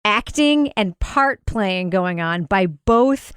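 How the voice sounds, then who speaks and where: A woman co-hosting a podcast, talking casually and asking animated questions, laughing as she speaks. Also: medium pitch, takes it slowly, clean tone, dry recording, clean studio sound. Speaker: podcast co-host. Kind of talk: casual review chat.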